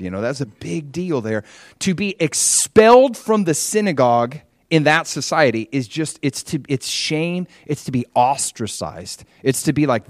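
A middle-aged man preaches in a loose, conversational way. He leaps into the voices of the people in the story, rising sharply in pitch for their exclamations. The sound is dry and close. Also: normal speed, dry recording. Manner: animated, acts out quoted voices, conversational asides. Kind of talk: sermon retelling a scripture story.

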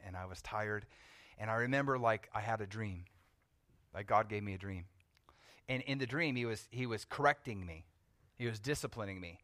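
Young guy preaching his testimony, gets real animated, goes quiet then loud, dry sound. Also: lowish voice, dry recording. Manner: animated storytelling, swings from hushed to loud. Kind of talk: testimony sermon.

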